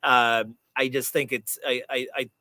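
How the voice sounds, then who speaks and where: Bright, halting podcast host, man. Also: medium pitch, flat delivery, no echo. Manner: halting, many restarts and fillers. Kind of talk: casual fantasy football chat.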